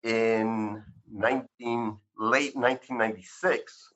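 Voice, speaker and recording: A chiropractor in his sixties speaks slowly in an interview, his fairly low, fairly bright voice keeping a fairly even intonation. He rambles through his life story with many fillers and re-enacted quotes. The recording sounds slightly muffled.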